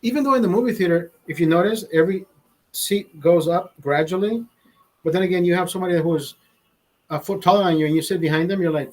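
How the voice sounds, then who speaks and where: Male show host, husky tone, pitched a touch high, loose profane storyteller who restarts sentences a lot. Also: quick pace, a little mellow, rough recording. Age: adult, father. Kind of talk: casual rambling chat. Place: studio.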